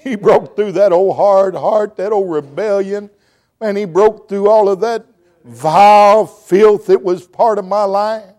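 High-voiced shouting preacher man. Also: steady tone, measured pace. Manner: shouting, emotional testimony with stammered restarts. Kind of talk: sermon.

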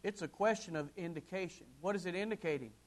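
A man preaching a sermon, swinging from loud ringing calls to hushed low murmurs, with drawn-out emphatic repetition. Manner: slow, drawn-out emphatic delivery with repeated phrases.

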